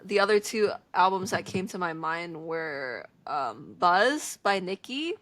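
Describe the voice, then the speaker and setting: A woman's voice: on the low side, very animated, a little slow, fairly bright tone, no echo. A young woman hosting a podcast in casual chat, easygoing and a bit hesitant, often correcting herself. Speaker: podcast host.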